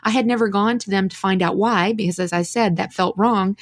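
A middle-aged woman speaks as a podcast guest, recounting her story openly and reflectively. Her voice sits at a middle pitch for a woman and the recording is close and dry, with no room sound. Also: fairly quick, dry recording. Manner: candid, reflective, with restarts and rueful laughs. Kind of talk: conversational storytelling.

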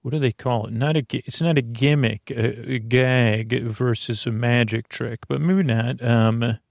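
A man's voice: mid-range voice, fairly even intonation, a little slow, gravelly, no room sound, clean studio sound. A middle-aged man hosting a podcast, talking in a meandering, digressive way with many restarts and asides. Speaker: podcast host. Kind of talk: rambling, meandering podcast monologue.

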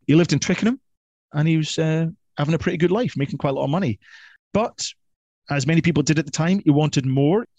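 A man, a guest telling a history story in a lively, playful and emphatic way. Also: fairly high pitch, fast, no echo, highs cut off.

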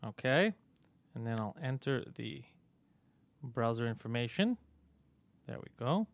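A man hosting a casual live-stream podcast, swearing freely and telling stories with animated energy. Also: medium pitch, unhurried, no echo. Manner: profane, animated storytelling. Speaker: podcast host.

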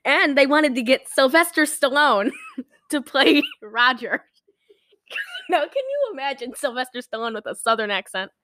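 A woman's voice: high-pitched, sing-song, normal speed, sharp tone, no echo. A woman hosting a podcast in casual chat, giggling often and rambling with lots of fillers. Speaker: podcast host.

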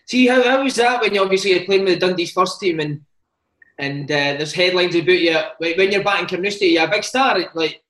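A man's voice: high-pitched, brisk, fairly bright tone. A man hosting a casual interview, prompting his guest with short questions. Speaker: podcast host, interviewer.

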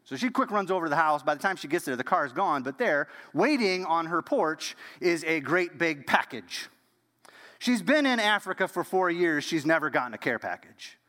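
A man preaching a storytelling sermon as pastor, animated and dropping to a hush at key moments. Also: on the high side, big-room sound.

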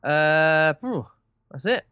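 A man's voice: fairly high pitch, lively intonation, takes it slowly, bright, forceful tone, clear, resonant tone, no room sound. Rambling man, muffled and dry. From Bristol. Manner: rambling, self-interrupting, informal. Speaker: podcast co-host. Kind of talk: casual chat.

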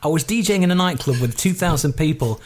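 A man's voice: fairly high pitch, lively intonation, fast talker, background noise. A man co-hosting a podcast, chatty and teasing as he reads out listener messages. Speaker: podcast co-host. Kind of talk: casual chat.

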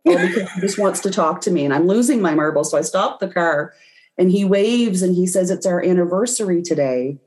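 A woman's voice: lowish voice, animated, a little fast, a little mellow. A woman guest in an interview, telling a personal story and acting out her own reactions as she goes. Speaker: guest, intuitive reader.

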